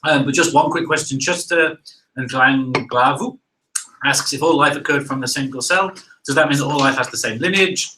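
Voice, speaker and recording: A man's voice: mid-range voice, moderate pace, sharp tone, a little hiss or hum, poor audio. A man hosting a live science panel, reading out viewer questions and answering them in a loose, conversational way. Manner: conversational, thinks aloud with "uh" and "right?".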